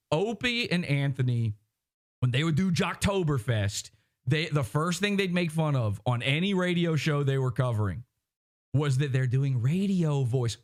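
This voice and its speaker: A man hosting a livestream podcast, ranting in a mocking way and slipping into impressions. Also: on the high side. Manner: animated, mocking, slips into impressions. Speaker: podcast host.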